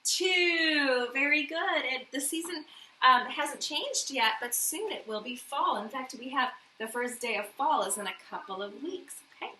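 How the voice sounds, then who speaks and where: Woman teacher, high bright voice, patient classroom manner, roomy echo. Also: a little slow, distant mic, slight background noise. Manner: patient, prompting questions and praise. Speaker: elementary school teacher. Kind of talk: morning meeting lesson for young children.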